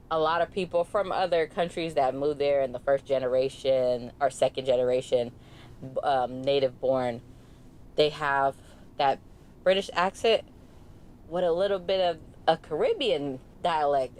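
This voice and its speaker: A young woman from the Bay Area co-hosting a podcast in casual chat, animated and quick to laugh. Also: low voice, slight background noise. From California, Bay Area. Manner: animated, laughs often, mimics accents. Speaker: podcast co-host.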